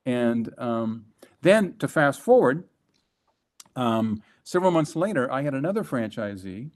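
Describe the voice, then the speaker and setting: Animated man telling a business story. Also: medium pitch. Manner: animated, emphatic storyteller with quick restarts. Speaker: guest, former franchise executive. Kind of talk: conversational storytelling.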